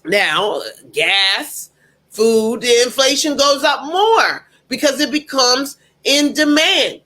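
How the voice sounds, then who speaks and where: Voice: high-pitched, expressive, takes it slowly, sharp tone. An emphatic, indignant commentator talking straight to the audience and repeating points for effect. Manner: speaks directly to the audience. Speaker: political commentator. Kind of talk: opinionated commentary monologue.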